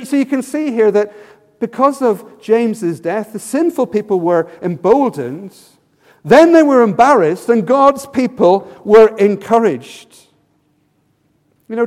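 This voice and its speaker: A man preaching a sermon, animated and acting out quotes with rising emphasis. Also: sits high. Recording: reverberant hall.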